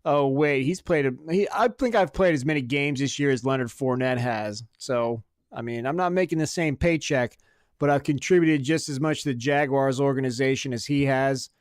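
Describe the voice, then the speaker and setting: A man with a smooth, resonant voice trades football picks in loose, joking podcast talk. He swears freely and drifts into long anecdotes. The sound is dry and close, with no room around it. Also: mid-range voice, normal speed, dry recording. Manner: profane, joking, storytelling. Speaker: podcast co-host. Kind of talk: casual sports chat.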